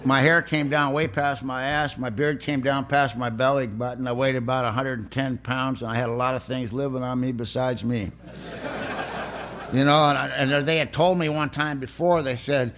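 A man's voice: medium pitch, fairly even intonation, normal speed, a bit bright, a little hiss or hum. A man giving a blunt, streetwise personal testimony at a recovery meeting, often laughing as he talks.

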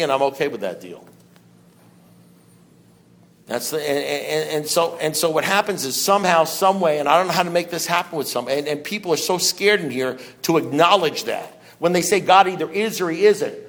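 His pitch fairly high and his tone fairly bright, a man preaches passionately at a recovery meeting. He leans on rhetorical questions and dry wit while an audience listens in the meeting room.

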